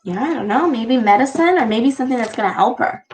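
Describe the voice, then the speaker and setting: A woman reading a picture book aloud to her child, gently pausing to ask questions about the pictures. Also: fairly high pitch, animated, a little hiss or hum.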